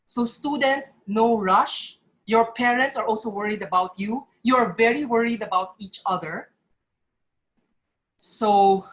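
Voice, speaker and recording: A woman's voice: on the high side, measured pace, a bit bright, rough recording. A middle-aged woman gives an earnest, emotional talk at a parents' forum, and her voice sometimes breaks.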